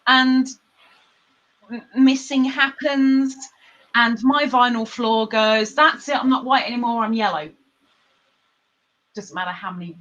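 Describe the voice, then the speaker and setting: A woman's voice: fairly high pitch, fairly bright tone, lo-fi sound. A woman hosting a live stream in casual chat, playful and laughing often. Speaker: livestream host.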